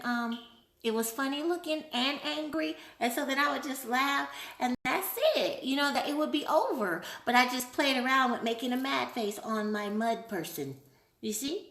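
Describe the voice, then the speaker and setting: A woman hosting a casual live stream, playful and animated, laughing often while she answers viewer questions. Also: high-pitched, echoey room. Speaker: livestream host.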